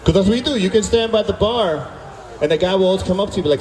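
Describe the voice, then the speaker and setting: A man doing stand-up comedy at an outdoor concert, telling animated stories and bantering with the crowd. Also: sits high, rapid-fire. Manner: animated storytelling, acting out dialogue with the crowd. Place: outdoor stage at a summer concert. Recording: echoey outdoor PA sound from far off.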